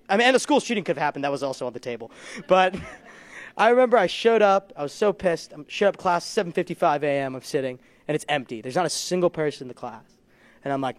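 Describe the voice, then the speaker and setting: A man's voice: high-pitched, lively intonation, fast talker, no echo. A young man performing a stand-up comedy set, telling rambling, self-deprecating stories and laughing along. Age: young adult. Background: audience laughter.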